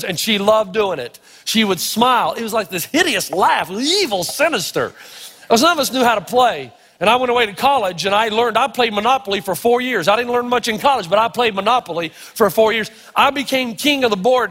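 A middle-aged man preaching a sermon, telling stories in short, punchy phrases with dramatic pauses. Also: sits high, fairly bright tone. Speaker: pastor. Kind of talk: sermon with storytelling. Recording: long hall reverb.

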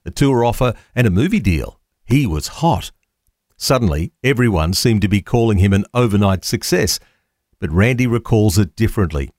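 A man reading a scripted radio devotional as a story, in an expressive manner. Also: on the low side, no room sound, studio quality. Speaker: devotional reader.

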